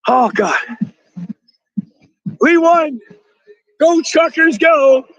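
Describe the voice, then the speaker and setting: Excitable high-voiced man with a strained voice. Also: drawn-out words, no echo, low-quality recording. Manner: excitable, exclaims often, shouts thanks. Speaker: livestreamer thanking donors. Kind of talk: excited live-stream chatter reading donations. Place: outdoors at a street rally.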